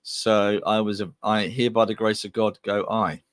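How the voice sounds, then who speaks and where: A man's voice: lowish voice, little pitch movement, moderate pace, no echo. A man from England, a guest medium, telling his life story in a chatty, rambling way on a video call podcast. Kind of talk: casual podcast interview.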